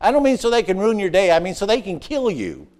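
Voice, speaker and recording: A man preaching a sermon, with playful asides, call-and-response questions, and swings between excited shouts and hushed, earnest passages. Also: high voice, fast. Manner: rises to excited shouts, drops to hushed tones. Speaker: pastor.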